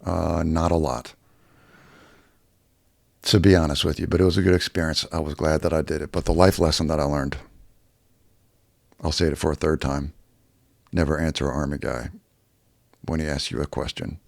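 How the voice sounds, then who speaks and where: Man, very low voice, gravelly, profane, rambling casual vlog, dry sound. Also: little pitch movement, moderate pace, long pauses, a little mellow, no room sound. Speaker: YouTuber.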